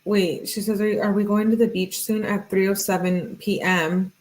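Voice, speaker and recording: A woman hosting a true-crime channel, reading text messages aloud in a plain voice and breaking in with quick, skeptical asides. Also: medium pitch, fairly even intonation, a little mellow, low-quality recording.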